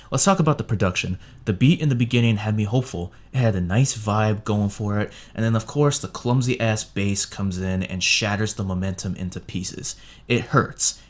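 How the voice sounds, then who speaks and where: A man ranting through a blunt, sarcastic review of songs, swearing heavily. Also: lowish voice. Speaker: music reviewer. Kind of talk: profane ranting review monologue.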